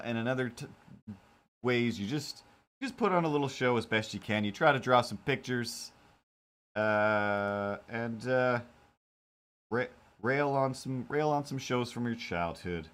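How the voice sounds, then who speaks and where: A man's voice: mid-range voice, a little slow, fairly bright tone. Rambling self-deprecating male streamer. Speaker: live-stream host and cartoonist. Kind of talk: casual live-stream chat.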